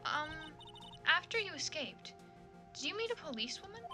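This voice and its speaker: A woman's voice: very high-pitched, very animated, moderate pace, over music. A woman voicing a nervous young female rookie attorney in a game who talks hesitantly, with stammers.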